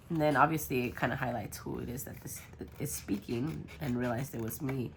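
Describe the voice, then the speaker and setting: A woman's voice: a bass voice, steady tone, quick pace, vocal fry, hardly any pauses, slight background noise. A woman chatting casually while crafting a journal, rambling with lots of ums, her voice worn and congested from being sick. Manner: rambling, full of ums, muttering while working.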